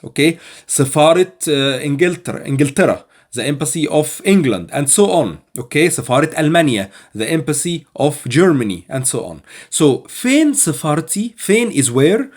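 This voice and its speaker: A man with an Egyptian accent teaching spoken phrases, repeating each one slowly and patiently. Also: fairly high pitch. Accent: Egyptian Arabic. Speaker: Arabic language teacher. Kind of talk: language lesson.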